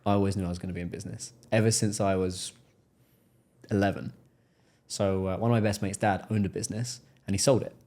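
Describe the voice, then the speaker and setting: Low-voiced English man telling stories. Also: quick pace. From England. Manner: animated storyteller, acts out quoted voices. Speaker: podcast guest. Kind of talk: casual interview storytelling.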